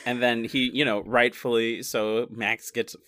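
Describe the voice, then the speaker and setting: A young man co-hosting a podcast, casually recapping a movie, relaxed, laughing and quoting scenes. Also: medium pitch, unhurried, dry recording. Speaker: podcast co-host.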